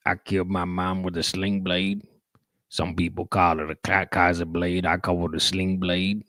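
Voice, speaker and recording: A man doing an impression of a slow-witted backwoods man with a low, grunting drawl. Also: little pitch movement, fairly bright tone, dry recording, studio quality. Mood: grim.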